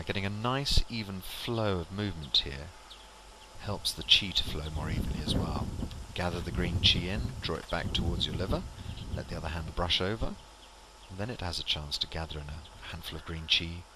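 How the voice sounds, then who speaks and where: A man leading a qigong exercise class, calmly cueing each movement and breath step by step. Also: sits low, normal speed, noisy background. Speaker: qigong instructor. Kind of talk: guided exercise instruction.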